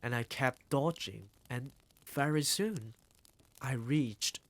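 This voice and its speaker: A man on a live stream reading a children's novel aloud, narrating deliberately. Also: mid-range voice, fairly bright tone. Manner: slow, deliberate narration with acted-out quotes.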